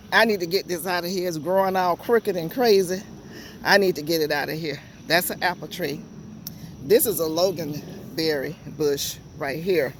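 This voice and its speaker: A woman's voice: fairly low pitch, a little hiss or hum. A woman with a Southern US accent giving a casual, folksy garden tour outdoors, chatting straight to her viewers. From Georgia, USA. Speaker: home gardener vlogger.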